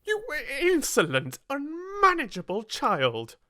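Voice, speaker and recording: A man voicing a stern, furious woman headmistress who scolds in a withering, shrill tone. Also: very animated, a little slow, no echo, clean studio sound.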